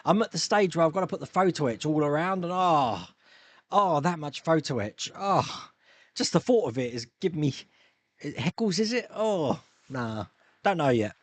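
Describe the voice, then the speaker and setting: Man hosting chatty live-stream Q&A, lively pitch, slightly high voice, dry close sound. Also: normal speed, dry recording. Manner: chatty, rambling, reads viewer comments aloud. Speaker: live stream host answering viewer questions. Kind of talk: casual chat. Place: home hobby room.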